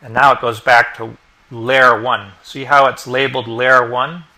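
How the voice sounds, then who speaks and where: A man narrating a software tutorial step by step as the instructor, explaining each click as he goes. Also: medium pitch, flat delivery, a little slow. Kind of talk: screen-recorded tutorial narration.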